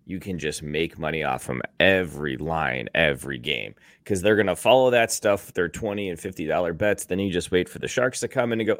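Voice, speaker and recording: Low-voiced man, gruff and cynical, wide swings, podcast co-host, dry mic. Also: expressive, a little fast, fairly bright tone, no echo. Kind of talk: casual sports podcast banter.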